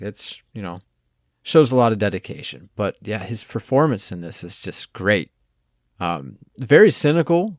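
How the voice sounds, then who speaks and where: Low-voiced easygoing male co-host. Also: dry recording, studio quality. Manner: easygoing, filler-heavy, thinking out loud. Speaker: podcast co-host. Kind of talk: casual chat reviewing a film.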